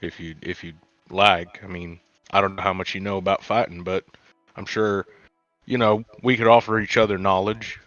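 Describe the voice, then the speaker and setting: A man speaking as a tabletop player, hesitant and halting with many restarts. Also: sits low, flat delivery, fairly bright tone, dry recording, faint music behind. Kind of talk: in-character tabletop play. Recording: dull lo-fi dry recording.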